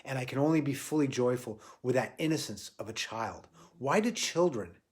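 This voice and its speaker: A man giving a reflective spiritual talk on a livestream, repeating phrases for emphasis and dropping to quiet, soft lines. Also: mid-range voice, lively intonation, normal speed. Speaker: spiritual teacher.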